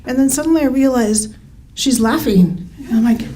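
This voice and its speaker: A middle-aged woman speaks at a live storytelling night, her voice pitched somewhat high. She tells her tale wryly and keeps slipping into laughter. A faint hiss sits under the stage microphone. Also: normal speed. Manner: wry, laughs through the telling. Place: live event venue.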